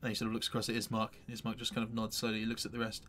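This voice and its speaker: A man's voice: on the low side, monotone, racing, a bit bright, a little hiss or hum. A man narrating as game master for a tabletop game, hesitant and full of fillers.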